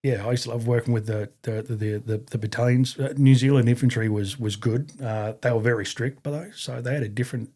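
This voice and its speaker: This Australian army veteran, middle-aged, talks quickly with hardly any pauses, his medium-pitched voice warm, breathy-edged and fairly even in intonation. His casual storytelling rambles, full of fillers and restarts, and he acts out quoted voices.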